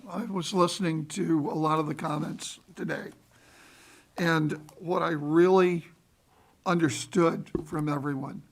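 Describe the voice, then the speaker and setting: A man's voice: a little high, vocal fry. A man on a school board giving folksy, emphatic remarks at a public meeting. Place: meeting room.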